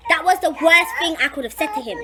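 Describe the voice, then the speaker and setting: Animated young woman storyteller. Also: very high-pitched, fast talker, a crowd in the background. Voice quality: animated, dramatic, swears freely. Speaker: vlogger. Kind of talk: storytime vlog.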